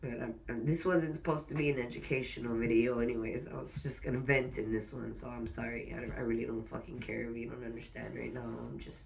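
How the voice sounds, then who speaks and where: A woman vents in a personal vlog, holding back tears, swearing often, and breaking off mid-sentence to start over. Her very deep voice is steady, creaky and a little mellow, picked up by a distant mic.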